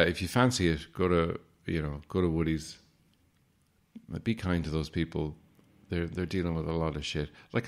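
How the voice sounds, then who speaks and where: A man in his late twenties or thirties hosting a podcast, telling casual stories with a wry, sarcastic streak. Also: low-pitched. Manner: wry, sarcastic anecdotes with mock-formal asides. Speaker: podcast host. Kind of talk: casual storytelling monologue.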